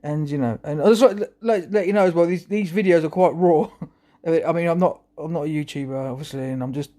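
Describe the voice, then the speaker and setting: A man's voice: a little high, fairly quick, mellow. A man talking to camera in a rambling, chuckling monologue full of restarts. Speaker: vlogger.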